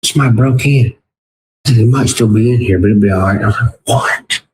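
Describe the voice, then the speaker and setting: Speaking fast in a fairly low voice, this male podcast guest tells casual stories with animation, performing what others said as quoted lines. The sound is roomy, with background noise clearly audible.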